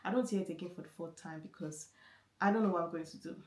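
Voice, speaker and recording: A woman's voice: on the low side, fast talker. A woman vlogger telling a story in casual chat, with many restarts and repeated words. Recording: roomy echo.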